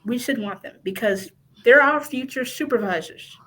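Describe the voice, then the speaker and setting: A woman guest on a casual podcast, a dispatch trainer with a slightly high voice. She talks in an earnest, emphatic way, driving her points home by repeating them and laughing along with the host. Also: normal speed, a bit bright, poor audio. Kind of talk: casual podcast interview chat.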